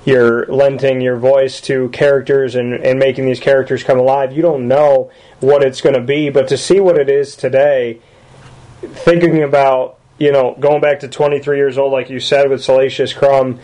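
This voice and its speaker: Interviewer guy, steady monotone, asks long rambling questions. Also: mid-range voice, moderate pace, poor audio. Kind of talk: casual interview.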